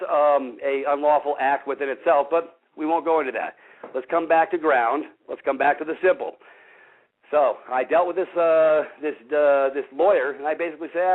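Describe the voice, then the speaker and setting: A man hosting a radio show, talking bluntly and combatively to his listeners and calling them folks. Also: a little high. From Missouri. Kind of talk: casual talk radio monologue. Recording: tinny phone-line radio audio.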